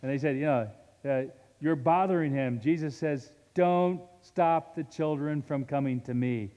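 A man preaching a sermon as a pastor, with dynamic delivery that swings from loud emphasis to hushed, slow moments. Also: on the high side, long reverb tail, highs cut off.

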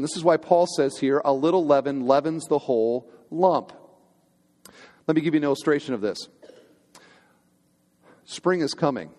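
A man's voice: fairly high pitch, a little mellow. A man, a senior pastor, preaching a sermon to his congregation in a conversational, humorous way, often asking the hall questions. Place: church sanctuary. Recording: long hall reverb in a church.

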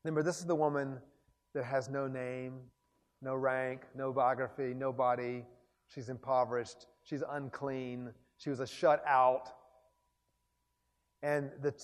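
Impassioned preacher in a reverberant chapel. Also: male voice, medium pitch, flat delivery, unhurried. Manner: impassioned, rising to loud exclamations. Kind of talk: sermon.

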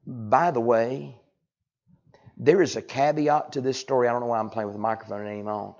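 Folksy preacher, hushed to loud. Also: male voice, medium pitch, brisk, creaky, dull audio. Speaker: pastor. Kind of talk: sermon.

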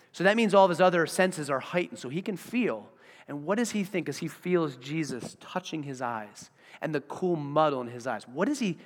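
A man preaching a sermon as pastor, telling a story with acted-out voices and questions to the congregation. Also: on the high side. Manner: animated storytelling, acts out voices and asks the audience questions. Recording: long hall reverb.

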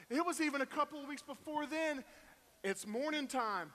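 A man's voice: very high-pitched, animated, normal speed, fairly bright tone. A man in his thirties preaching in a large hall, telling folksy, self-deprecating family stories with many fillers. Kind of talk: storytelling sermon. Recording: echoey hall.

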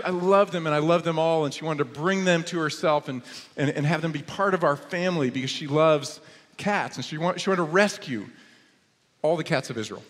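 Man preaching in a reverberant church hall. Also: a little high. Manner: storytelling with humor, rising into lively exclamations. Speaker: pastor. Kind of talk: sermon. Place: church sanctuary.

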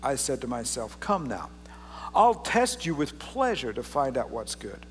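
A pastor preaching a casual, joking sermon and reading scripture aloud with drama. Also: male voice, medium pitch, sing-song, a little slow, long reverb tail, a little hiss or hum. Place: church sanctuary.

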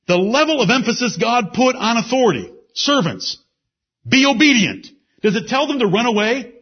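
A man preaching a sermon with emphasis. He repeats key phrases and drops into low asides. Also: slightly rough. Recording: dull lo-fi sermon recording.

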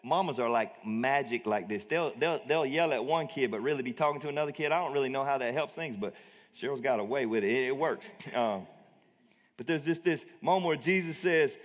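A man's voice: a little high, expressive, normal speed. A man preaching a conversational, plainspoken sermon as pastor of his church. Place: church auditorium. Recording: long hall reverb.

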